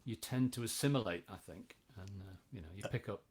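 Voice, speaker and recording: A man, a songwriter guest in a studio, chatting in a relaxed, hesitant way with many fillers. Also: fairly low pitch, fairly quick. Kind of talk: casual interview chat.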